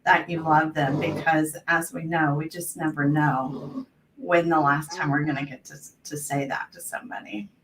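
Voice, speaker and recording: A woman's voice: deep voice, little pitch movement, normal speed, crowd noise. A woman hosting a casual call, talking in an earnest, reflective way. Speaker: host. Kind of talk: casual video-call conversation. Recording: distant mic with faint background noise.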